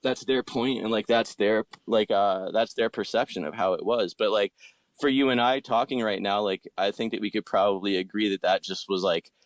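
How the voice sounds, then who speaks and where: A man's voice: on the low side, normal speed, no echo, low-quality recording. A man in his thirties in casual chat, talking about his old bands, swearing freely and acting out what people said. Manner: swears a lot, animated, acts out quotes. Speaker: podcast guest, musician.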